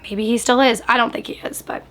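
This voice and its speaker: A woman book vlogger in casual reaction chat, animated and chatty, sprinkling "like" through her talk. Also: fairly high pitch, a little fast. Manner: chatty, animated, frequent "like" fillers.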